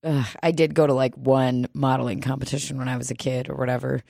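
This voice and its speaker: A woman's voice: a bass voice, flat delivery, fast talker, vocal fry, warm tone, no echo, clean studio sound. A woman in casual comedic chat, loose and swearing, laughing often through stories.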